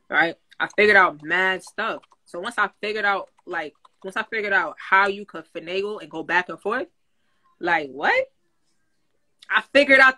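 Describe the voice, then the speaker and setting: A woman coaching listeners on credit in a casual livestream, talking in animated slang and laughing often. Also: medium pitch. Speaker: credit coach teaching a class. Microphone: phone.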